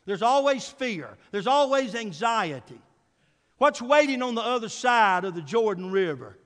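High-voiced man preaching in a reverberant hall. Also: sing-song, measured pace. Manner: swings from soft and low to loud and emphatic; calls out "Amen?" to the congregation. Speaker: pastor. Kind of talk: sermon. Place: church sanctuary.

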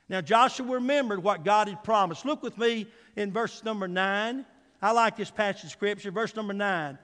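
Male pastor, high voice, preaches with big swings from hushed to loud, echoing church hall. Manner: swings from soft and low to loud and emphatic; calls out "Amen?" to the congregation. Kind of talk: sermon. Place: church sanctuary.

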